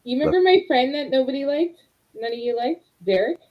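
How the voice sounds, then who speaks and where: A woman's voice: high-pitched, animated, a little fast. A tipsy woman hosting a casual livestream, laughing often and teasing her company. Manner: giggly, teasing. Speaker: livestream host. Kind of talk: casual chat. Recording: dull lo-fi stream audio.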